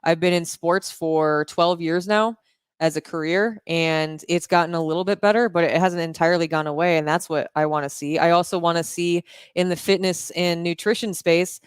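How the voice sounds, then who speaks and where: Deep-voiced woman with vocal fry. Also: fairly even intonation, moderate pace, no room sound, clean studio sound. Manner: blunt, profane, laughs often. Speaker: podcast co-host. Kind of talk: casual podcast chat.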